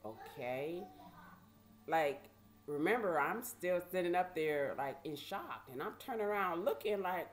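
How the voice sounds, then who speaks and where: A woman vlogger casually telling a personal story, animated and conversational with lots of fillers. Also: fairly low pitch, measured pace.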